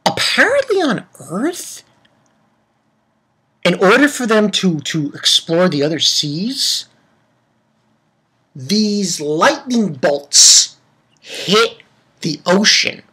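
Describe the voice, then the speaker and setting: A young man rambles through an anime recap with a bright, animated voice that leaps up and down in pitch. He curses often and trips over his own sentences as he goes. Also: extremely slow, pauses often, breathy edge. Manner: rambling, profane, many restarts. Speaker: anime reviewer. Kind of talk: casual episode recap.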